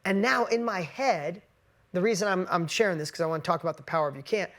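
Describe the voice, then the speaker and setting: A motivational coach with a high, somewhat bright voice talks fast to a live online audience. His talk is emphatic and repetitive, and he keeps interrupting himself and restarting his words.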